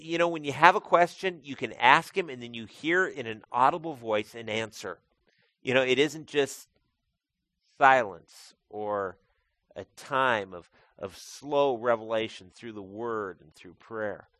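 A man's voice: medium pitch, fairly bright tone, dry recording. Conversational preacher man, dry sound. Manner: conversational preaching, addresses listeners as folks. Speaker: pastor. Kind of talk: sermon.

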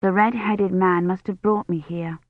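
A woman's voice: medium pitch, steady tone, normal speed, no echo, lightly acted. A woman voicing a young female historian who is feverish and frightened, speaking urgently and pleadingly. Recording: dull, slightly muffled studio audio.

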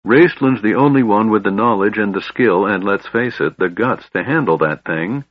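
A man voicing a weary, grudging male half-elf leader who speaks in a quiet, reluctant way. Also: lowish voice, normal speed, no room sound, muffled recording, natural voice.

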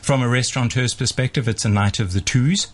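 A man, a restaurateur, chatting on a radio show in a measured, explanatory way. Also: medium pitch. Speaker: restaurateur guest. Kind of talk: casual radio chat.

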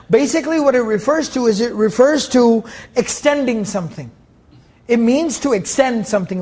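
A man's voice: extremely high pitch, darkish tone. A man teaching a Quran tafseer lesson, explaining with everyday analogies and casual fillers, repeating phrases for emphasis. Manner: recites verses in a quick chanted cadence.

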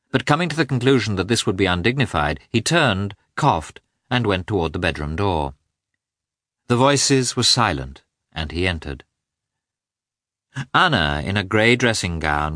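A man reading a novel aloud in scripted narration, measured and expressive. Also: low-pitched, no room sound, studio quality. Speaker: audiobook reader.

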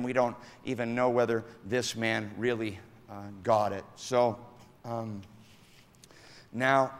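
A male pastor giving an animated sermon, calling out to his congregation. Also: mid-range voice, gravelly. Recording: echoey hall.

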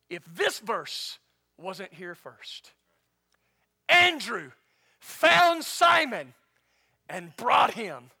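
A man preaching a sermon as pastor, animated, swinging between loud and soft. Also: high-pitched, gravelly.

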